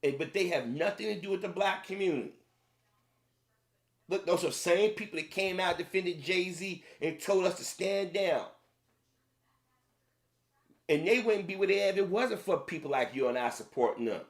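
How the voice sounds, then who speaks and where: Male commentator, slightly higher voice, heated, repetitive opinion rant. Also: expressive, moderate pace, gravelly, pauses often. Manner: heated, repetitive, addressing the audience directly.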